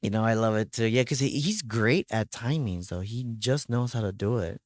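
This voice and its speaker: Low-voiced laid-back man chatting. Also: normal speed, dry recording, studio quality. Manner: laid-back, agreeable, hesitant restarts. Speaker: podcast co-host. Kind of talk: casual podcast chat.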